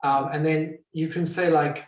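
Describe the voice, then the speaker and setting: A man hosting an interview in a relaxed way, answering with short affirmations. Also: a little high, measured pace. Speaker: host, interviewer. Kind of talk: casual interview. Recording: roomy echoey sound.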